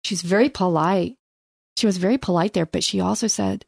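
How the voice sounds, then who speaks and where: A middle-aged woman leading a casual Bible study chat, telling lively stories about her husband and reading scripture slowly. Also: medium pitch, vocal fry, no room sound, clean studio sound. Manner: animated storyteller, reads scripture slowly.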